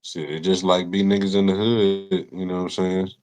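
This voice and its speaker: A man's voice: low-pitched, level tone, normal speed, a little mellow. A man explaining at length in casual podcast chat, rambling and profane with many fillers. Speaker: podcast co-host.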